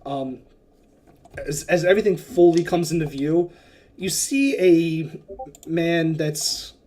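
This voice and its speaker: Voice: mid-range voice, slow, mellow. A game master narrating a tabletop game in a loose, chatty way with self-mocking asides.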